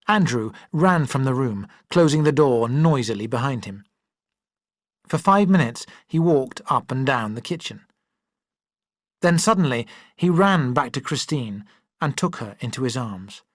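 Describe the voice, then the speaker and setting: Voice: mid-range voice, expressive, unhurried, dry recording, studio quality. An audiobook reader narrating a classic novel expressively, shifting voices for the characters.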